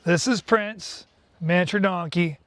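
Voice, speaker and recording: A man's voice: high voice, measured pace, no room sound. A man hosting a casual farm vlog, talking easily about his animals and calling to his dogs outdoors. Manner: chatty, coaxing the dogs with repeated calls; relaxed explanation while reading from a website. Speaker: farm owner and channel host. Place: outdoors on a farm, then inside his house.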